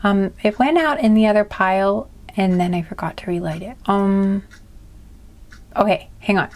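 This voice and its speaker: A woman with a mid-range, darkish voice gives a casual tarot card reading at a normal speed. She chats and rambles, often apologizing and laughing at herself.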